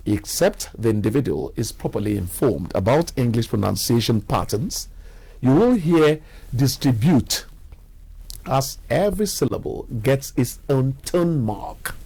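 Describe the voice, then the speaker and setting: Husky-voiced man explaining pronunciation. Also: medium pitch, animated, warm tone. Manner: explanatory, demonstrates sounds with slowed deliberate examples. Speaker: English pronunciation teacher. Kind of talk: scripted educational narration.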